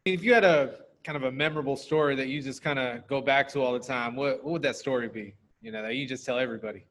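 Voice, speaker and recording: A man's voice: medium pitch, fast, a bit bright. A man casually asking an interview guest questions on a podcast.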